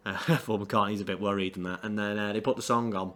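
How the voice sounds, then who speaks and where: A man with a somewhat low voice talks through an album in a loose, casual review. He rambles, doubling back with fillers and restarts as he goes. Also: fast talker, few pauses, a bit bright. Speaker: music reviewer.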